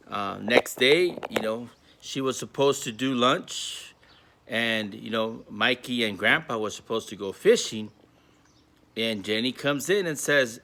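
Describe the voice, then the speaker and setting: A man's voice: medium pitch, a little slow, a bit bright. A man from a school community telling a story with a moral from home, casual and earnest, full of fillers. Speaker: school staff member.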